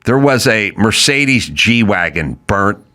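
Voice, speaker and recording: Middle-aged man, podcast host; animated, incredulous comic storytelling, bright and lively. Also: lowish voice, takes it slowly. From Los Angeles. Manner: animated, incredulous, mimics people in voices. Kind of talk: comedic storytelling rant.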